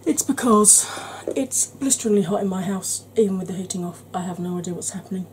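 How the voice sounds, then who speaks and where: A woman hosting a makeup tutorial, chatting in a rambling, conversational way and sometimes dropping into a soft whisper. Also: medium pitch, brisk, slight background noise, low-quality recording. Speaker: beauty channel host.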